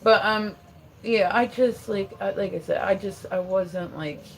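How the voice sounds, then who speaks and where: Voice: medium pitch, measured pace, a little hiss or hum. A livestreamer in their forties from Pennsylvania, chatting casually at home in a rambling way, full of "like"s, with frequent laughter and casual swearing. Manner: rambling, filler-heavy, swears freely, laughs often.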